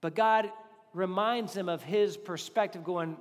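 A male pastor preaches to his congregation in a loose, talky way, acting out the lines he quotes. His voice sits very high for a man. The sound rings out with the long reverb of a large hall. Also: a little slow. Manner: conversational, animated preaching with acted-out quotes. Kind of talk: sermon.

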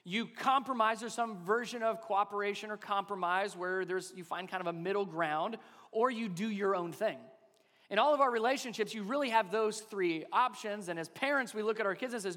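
High-voiced male pastor preaching in a reverberant hall. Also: a little fast, sharp tone. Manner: conversational preaching with rhetorical questions. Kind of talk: sermon.

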